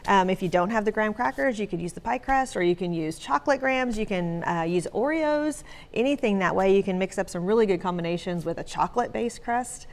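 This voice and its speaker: A woman talks through a recipe on a morning news set, her voice mid-pitched and friendly. She explains in an upbeat, chatty flow with casual asides. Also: quick pace. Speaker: guest baker. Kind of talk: cooking segment chat.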